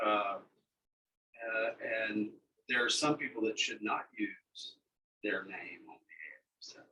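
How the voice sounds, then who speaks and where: A man's voice: on the low side, pushed and bright. A man, a longtime radio DJ telling stories in a casual, folksy chat. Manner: folksy storyteller. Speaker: radio DJ guest. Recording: distant mic with faint background noise.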